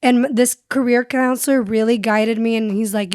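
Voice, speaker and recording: A woman's voice: on the high side, fairly even intonation, normal speed, hardly any pauses, darkish tone, no room sound, studio quality. A young woman speaking as a podcast guest and radio host, telling her story candidly and switching between English and Spanish. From San Diego. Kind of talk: casual interview chat.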